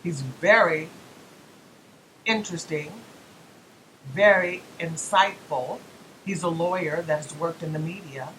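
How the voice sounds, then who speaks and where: A woman's voice: fairly low pitch, slow, long pauses, a bit bright, slight background noise, poor audio. Emphatic woman hosting talk radio. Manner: emphatic, rhetorical questions, folksy asides. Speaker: radio talk show host. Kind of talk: solo political talk show monologue.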